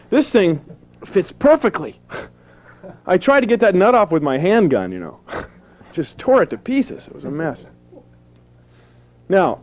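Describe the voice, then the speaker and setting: Man, stand-up comic, goofy and self-mocking, somewhat high voice, lively swings in pitch, dull lo-fi old tv audio. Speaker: stand-up comedian. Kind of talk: stand-up comedy set on television.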